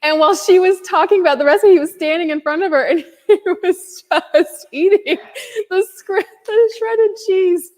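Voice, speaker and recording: Upbeat high-voiced woman host, echoey. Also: moderate pace. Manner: warm, upbeat, encouraging questions. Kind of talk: interviewing a guest and her kids. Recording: echoey room sound.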